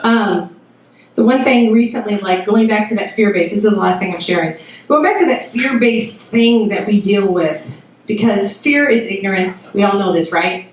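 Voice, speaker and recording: At a live storytelling show, a woman with a mid-range voice tells a frank, profane comic story about motherhood at a normal pace, laughing often. The venue is very echoey and the recording is noisy, with the mic placed far from her on a stage before an audience.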